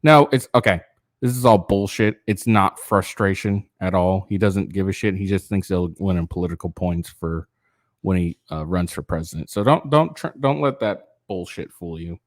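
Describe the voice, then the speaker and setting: A man's voice: sits low, moderate pace, no echo, clean studio sound. Tired, profane man ranting casually. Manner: rambling, profane, frequent fillers and restarts. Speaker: political commentary channel host. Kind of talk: casual reading of a news article with rants.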